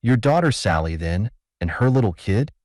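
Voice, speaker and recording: A man's voice: lowish voice, expressive, normal speed, darkish tone, dry recording, studio quality, lightly acted. Man doing a testy frontier prospector. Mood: rough. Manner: folksy frontier dialect, testy. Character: rough gruff male gold prospectors.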